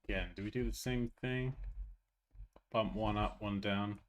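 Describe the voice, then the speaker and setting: A man's voice: fairly low pitch, fairly even intonation, a little slow. A man hosting a design livestream, thinking aloud as he works and tossing out teasing, jokey asides, on a close desk mic.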